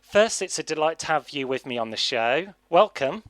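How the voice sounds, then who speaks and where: Male radio DJ, somewhat high, halting interviewer, dry. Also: expressive, a bit bright, no echo. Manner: hesitant, repeats words while asking. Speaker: radio DJ host.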